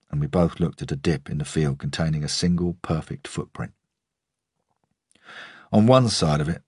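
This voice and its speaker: A man reading a first-person crime story as an audiobook narrator, in a measured, steady storytelling manner. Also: rumbling low, slightly rough, no room sound, studio quality.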